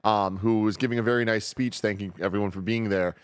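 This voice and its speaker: A man's voice: lowish voice, fairly even intonation, fast talker, clean tone, no room sound. A man hosting a podcast in casual chat, giving upbeat, jokey introductions. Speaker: podcast host.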